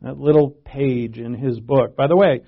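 A man preaching a sermon in a conversational way, growing animated when he acts out quotes. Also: mid-range voice, normal speed, breathy edge. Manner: conversational, animated when quoting, asides and chuckles. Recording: dull lo-fi recording.

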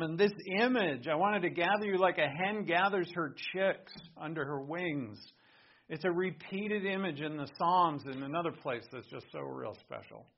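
Gravelly husky male pastor preaching. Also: fairly high pitch, highs cut off. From Rhode Island. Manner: conversational, swings between soft and emphatic. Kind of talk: sermon.

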